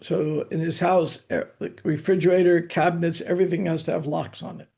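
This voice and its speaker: A man's voice: a little high, flat delivery, fairly quick, creaky, few pauses, warm tone. An older man giving a scripture lecture, telling anecdotes in a conversational way with dry humor. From United States. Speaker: spiritual teacher giving scripture class.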